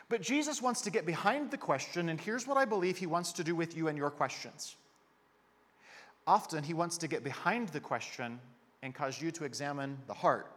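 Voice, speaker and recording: A man in his thirties preaching a sermon in a conversational, joking way with lively emphasis. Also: fairly high pitch. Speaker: pastor. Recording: echoey hall reverb.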